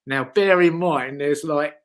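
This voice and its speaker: A British man in his fifties, once a motocross rider, rambles through casual anecdotes in an interview, using plenty of fillers and the odd swear word. He is from the United Kingdom, and his voice is on the high side and unhurried.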